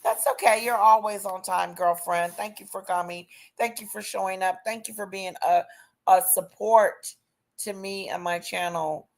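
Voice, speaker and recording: A woman's voice: mid-range voice, steady tone, normal speed, vocal fry. A woman hosting a casual livestream, chatting and greeting viewers by name. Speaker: livestream host.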